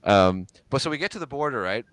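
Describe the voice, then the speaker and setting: A man telling a story in a relaxed chat, slipping into quick voices when he quotes people. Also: medium pitch, clear, resonant tone, no echo. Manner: laid-back, quoting others in little voices. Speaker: podcast guest. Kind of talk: casual storytelling.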